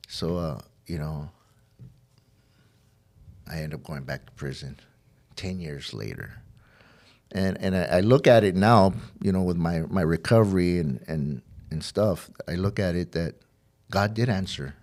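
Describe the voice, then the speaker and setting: A deep-voiced, middle-aged podcast guest tells of his addiction and recovery a little slowly, pausing often, in a slightly mellow tone. The telling rambles, loops back on itself with repeated words, and he voices old exchanges as he quotes them.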